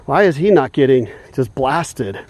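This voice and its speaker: A man's voice: medium pitch, animated, unhurried, a little mellow, no echo. A man vlogging while walking outdoors in the evening, talking in a heated, indignant way and chuckling often between points. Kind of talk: casual rant while walking.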